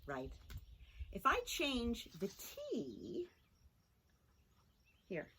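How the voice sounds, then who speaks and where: A middle-aged woman teaching a children's phonics lesson, talking slowly in a sing-song way and mixing in songs. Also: on the high side, slight background noise. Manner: slow, lively, sing-song teacher talk to young children.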